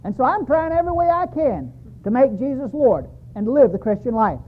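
A man's voice: very high voice, big pitch swings, a little fast. A man preaching a sermon, telling his own story with emphatic repetition. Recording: tinny, phone-like sound.

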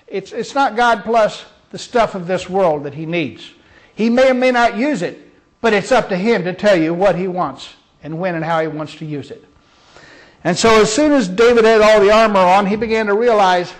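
A man minister delivering a sermon with emphatic, dramatic storytelling. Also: sits high.

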